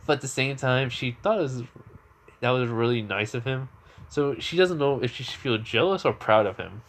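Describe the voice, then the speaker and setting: A man's voice: medium pitch, lively intonation, normal speed. A man telling an improvised fan story in a casual, rambling way, full of fillers and restarts.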